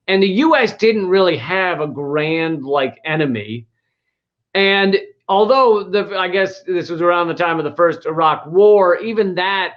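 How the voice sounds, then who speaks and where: Rambling man on a lo-fi line. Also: a little high. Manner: rambling, many fillers and restarts, laughs often. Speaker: podcast host. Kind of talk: casual comedic chat. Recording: dull lo-fi sound.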